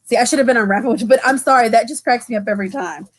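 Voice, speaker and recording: Bubbly high-voiced woman, breathy. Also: rapid-fire. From southern US. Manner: bubbly, giggly, gushing. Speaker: host. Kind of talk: casual live chat.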